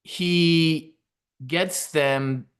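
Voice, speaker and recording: A man hosting a trading show, delivering a sarcastic, profane political rant with loud bursts of emphasis. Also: on the high side, steady tone, extremely slow, clear, resonant tone. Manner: combative, sarcastic, swears a lot. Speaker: host of a stock options trading show.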